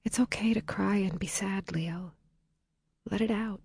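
A woman voicing a gentle, comforting young woman who speaks in a soft, hushed half-whisper. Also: on the low side, moderate pace, creaky, breathy edge, dry recording, full character voice. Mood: tender, hushed.

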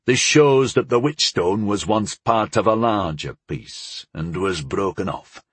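A wise old hedge mage, as a male reader puts him on, deep and unhurried, each word set down slowly and gravely. His husky voice sits low. The sound is dry and close, with no room around it. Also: lively intonation, no room sound. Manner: slow, measured and low.

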